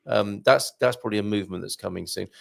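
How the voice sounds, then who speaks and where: A man's voice: fairly low pitch, fast talker, creaky. A man hosting a live chat show, prompting his guests with questions and laughing easily. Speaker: show host.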